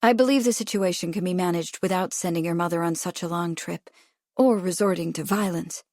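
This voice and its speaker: Woman voicing a quiet observant woman, measured, storybook, dry sound. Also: on the low side, no room sound, natural voice.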